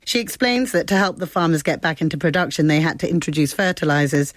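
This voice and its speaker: Woman, low voice, dry close sound, measured scripted radio report. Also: dry recording. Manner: measured, descriptive storytelling. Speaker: foreign correspondent.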